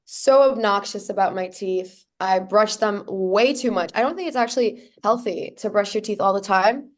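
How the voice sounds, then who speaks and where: A woman's voice: mid-range voice, normal speed. A woman chatting casually on a video call, rambling a little and laughing easily. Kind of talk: casual chat.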